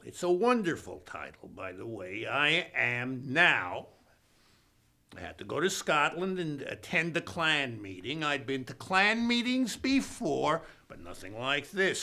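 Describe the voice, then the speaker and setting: A man doing a boastful, bombastic comic monologue as a pundit character, swinging between booming lines and hushed asides. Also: vocal fry.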